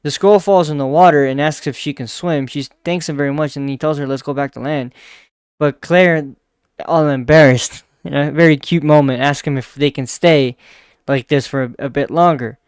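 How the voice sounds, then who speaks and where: A man giving a casual chapter recap of a manga, chuckling often and reading character lines in a softer voice. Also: fairly high pitch, fairly even intonation, moderate pace, smooth, no echo, studio quality. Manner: chuckles often while retelling scenes. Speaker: manga reviewer.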